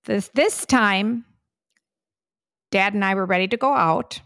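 Chatty mother with a gravelly voice. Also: mid-range voice, a little slow, no room sound. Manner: chatty storyteller, animated retelling. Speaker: podcast co-host, mother. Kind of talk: casual family podcast chat. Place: New York City.

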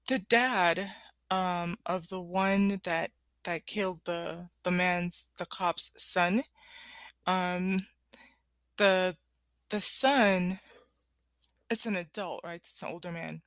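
Female vlogger, casual rambling chat, animated and giggly, dry recording. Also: lowish voice, very slow, pauses often, no room sound.

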